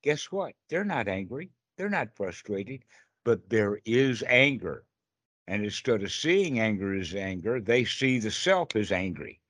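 A man's voice: on the low side, animated, unhurried, a bit bright, no echo, clean studio sound. A man teaching meditation on a call, earnest and repetitive, often acting out inner dialogue. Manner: earnest, repeats phrases, acts out inner dialogue. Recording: call audio.

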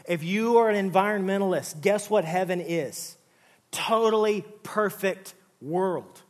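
This sermon comes from a man whose voice is high-pitched and measured in pace; he preaches in a casual, humorous way, leaning often on "listen" and "all right."

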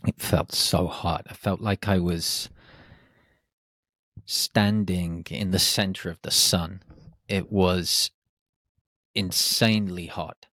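A man in his forties from the UK, a podcast host telling a reflective personal story and acting out his nervous inner voice in hushed tones. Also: sits low, fairly even intonation, slow, long pauses, no room sound, studio quality. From United Kingdom.

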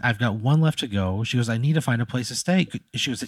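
A man's voice: mid-range voice, quick pace, slightly rough, no echo. A man improvising a comedic hypothetical story, loose and rambling, checking in with "right?" as he goes. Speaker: podcast co-host posing a hypothetical.

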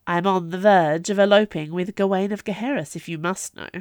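A woman's voice: on the low side, brisk, darkish tone, no room sound, studio quality, lightly acted. A woman voicing a cheerful, frank young princess with a breezy, blunt manner.

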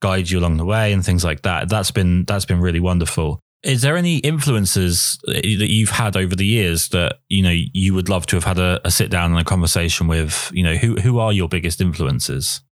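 A man's voice: deep voice, moderate pace, hardly any pauses, dry recording, studio quality. A man hosting a podcast, chatting casually and self-deprecatingly while interviewing a guest. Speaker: podcast host.

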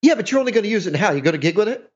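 A man's voice: high-pitched, big pitch swings, rapid-fire, husky. A middle-aged man co-hosting a podcast, rambling in casual chat with sarcastic, self-mocking humour. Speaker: podcast co-host. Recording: dull lo-fi sound.

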